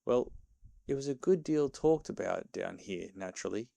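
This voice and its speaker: A man's voice: on the low side, expressive, moderate pace, creaky, warm tone, no room sound. A man voicing a sensible, serious male water rat in a storybook reading, lecturing his friend. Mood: grave.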